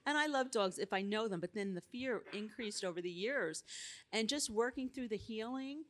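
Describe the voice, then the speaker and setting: A woman's voice: on the high side, lively intonation, moderate pace. A woman in her sixties sharing a personal story on a conference panel, chatty with frequent laughter. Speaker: abortion survivor panelist. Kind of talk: live panel conversation. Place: conference stage.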